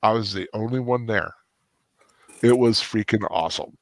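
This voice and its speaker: A man hosting a casual post-movie chat, rambling and halting with lots of restarts and fillers. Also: lowish voice, no echo. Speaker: host.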